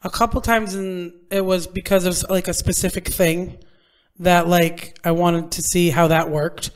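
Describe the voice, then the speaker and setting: A woman co-hosting a casual podcast, answering candidly in an earnest, fairly soft way. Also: lowish voice, little pitch movement, measured pace, smooth. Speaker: podcast co-host. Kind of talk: casual chat.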